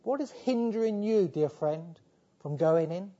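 A man preaching with a high voice that is dark and husky in tone. He pleads with his listeners, swinging from fervent appeals down to quiet, low passages. The recording sounds muffled and lo-fi. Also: expressive, measured pace. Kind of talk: sermon.

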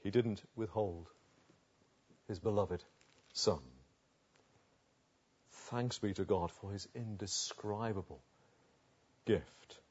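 A man preaching a sermon, dropping to a hush and then rising loud, slow and emphatic with long pauses. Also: fairly low pitch, breathy edge, muffled recording. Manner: dramatic swings between hushed and loud passages.

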